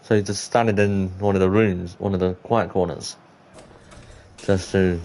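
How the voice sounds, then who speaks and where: A teenage boy telling a school story to camera in an excitable, rambling way, full of restarts and exclamations. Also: sits low, normal speed. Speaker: vlogger.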